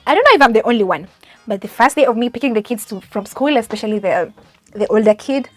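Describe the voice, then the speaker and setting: Chatty Kenyan woman, high voice. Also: no room sound. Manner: chatty, self-mocking, laughs often, many fillers. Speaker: au pair. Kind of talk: casual storytelling vlog.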